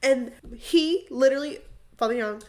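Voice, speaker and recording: A young woman co-hosting a podcast, casually recapping a drama in animated storytelling, full of fillers and acted-out quotes. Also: high voice, normal speed. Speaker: podcast co-host.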